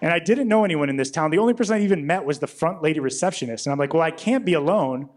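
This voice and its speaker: A young man doing a stand-up comedy set in a club, telling stories deadpan and acting out the other people with quick voice shifts. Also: fairly high pitch. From Rockford, Illinois. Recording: live club recording with audience noise. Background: audience laughter.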